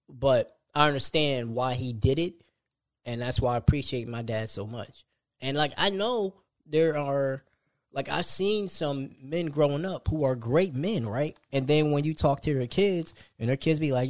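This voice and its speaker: This young podcast host talks on his own at a moderate pace, his mid-range voice darkish in tone. He's conversational and casual, often restarting sentences, and the sound is dry and studio-clean.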